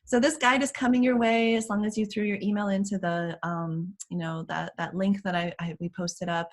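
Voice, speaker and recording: A woman's voice: medium pitch, fairly even intonation, moderate pace. A woman parenting coach talking casually on a video call, with frequent fillers and light laughs. She acts out children's voices in a sing-song way. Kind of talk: casual explanatory talk as interview guest.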